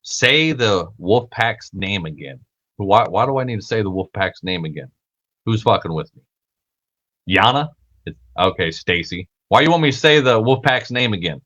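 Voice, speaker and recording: A man's voice: on the low side, lively intonation, moderate pace, bright, forceful tone, lo-fi sound. A young man hosting a casual livestream, rambling and self-correcting, swearing freely, with lots of filler words. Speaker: podcast host.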